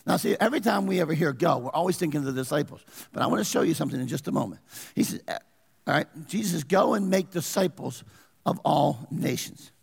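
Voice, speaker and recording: A man's voice: a little high, expressive, fast talker, creaky, slightly rough, long reverb tail. A man preaching a sermon as pastor, asking his congregation questions and pressing his points. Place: church.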